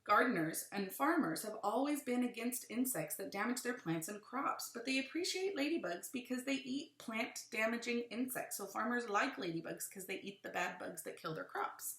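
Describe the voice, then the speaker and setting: Teacher reading aloud in an echoey room. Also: female voice, fairly high pitch, lively intonation, normal speed, hardly any pauses, a bit bright. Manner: adds friendly asides to young pupils. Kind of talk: reading a picture book aloud to children.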